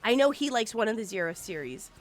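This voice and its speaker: Lady in her 40s streaming games, chatty, swears, pitch jumps all over, lil music behind. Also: fast. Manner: chatty, animated, swears casually. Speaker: game streamer. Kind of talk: casual live-stream chat.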